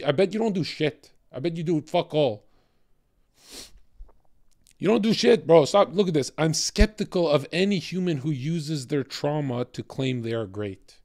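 A man ranting on a livestream, profane and combative, swinging between loud outbursts and low muttering. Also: animated, normal speed. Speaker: streamer. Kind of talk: casual livestream rant.

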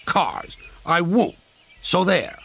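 A man's voice: medium pitch, wildly swooping pitch, measured pace, very noisy, pitched above the performer's own voice. A man voicing a haughty, grumpy male steam engine in a snooty, complaining manner. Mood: haughty sulky. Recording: music playing loudly behind.

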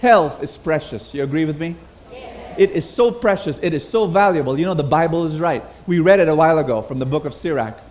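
High-voiced Filipino preacher leading a crowd. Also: male voice, a little fast, a little hiss or hum. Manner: energetic, leads the crowd in repeating phrases. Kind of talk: sermon with call and response. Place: large hall with congregation.

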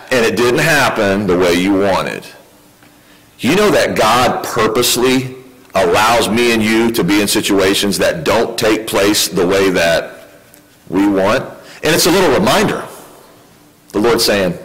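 A man's voice: mid-range voice, lively intonation, unhurried, fairly bright tone, low-quality recording. A male pastor preaching a sermon in a conversational way, often asking his congregation questions. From United States.

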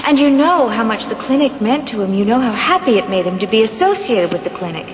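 Actress doing a protective soap-opera daughter, high, insistent, studio reverb. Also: female voice, animated, fast talker, highs cut off, slight background noise, natural voice. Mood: consoling. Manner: insistent, reassuring. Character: devoted adult daughter, forceful and protective. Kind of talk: 1990s daytime soap acting.

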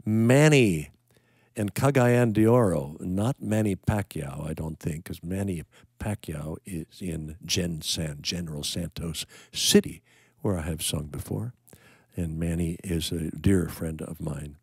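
Low-voiced older American man chatting. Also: darkish tone, breathy edge, no echo, clean studio sound. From United States. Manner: rambling, folksy, pauses with uh and um. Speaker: worship livestream host. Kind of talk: casual chat greeting viewers.

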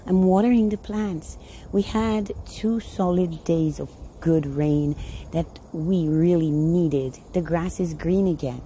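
A woman with a low, very dark, mellow voice rambles easily and unhurriedly, laughing now and then and repeating herself. She talks outdoors while watering plants, with faint crickets and insects behind her. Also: takes it slowly, slight background noise, poor audio. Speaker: vlogger. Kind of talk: casual chat. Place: garden outdoors.

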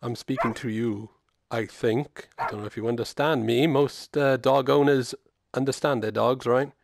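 A man voicing a crude, cheeky male pet dog, talking in a dry, deadpan inner monologue. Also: mid-range voice, normal speed, gravelly, a little hiss or hum, lightly acted. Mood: bemused.

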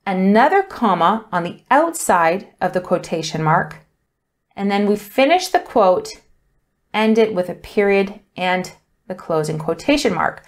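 A woman teaching an English punctuation lesson, explaining rules clearly and deliberately while reading example sentences aloud. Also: mid-range voice. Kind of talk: grammar lesson.

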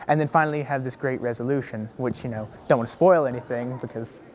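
A teenage boy, a young stage actor, eagerly answering interview questions in an articulate, quick way with casual fillers. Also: medium pitch. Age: teens. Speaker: youth theater actor.

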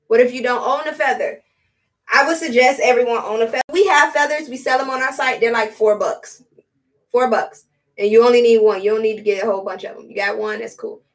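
A woman hosting a casual live-stream product demo, chatty and repetitive with blunt slang. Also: on the high side. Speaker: host selling spiritual products. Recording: voice distant from the mic.

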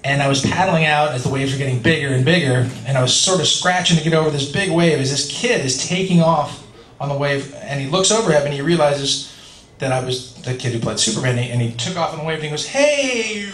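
This Californian man in his forties talks fast in a fairly high, slightly bright voice, with a little hiss or hum on the audio. He's telling stories during a casual Q&A at a convention panel, chatty and self-deprecating, laughing often. The hall is echoey and full of crowd noise.

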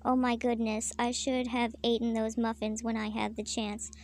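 A woman voicing a melodramatic, whiny male caterpillar gentleman in a storybook reading. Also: fairly high pitch, monotone, moderate pace, close to an everyday voice. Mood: pleading. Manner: melodramatic, mock-pained.

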